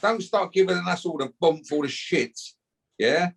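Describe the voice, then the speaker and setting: A man's voice: high voice, expressive, moderate pace, creaky. A man, calling out a rival in brash, swearing casual talk and ending lines with a taunting "yeah?". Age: 50s. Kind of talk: heated casual callout.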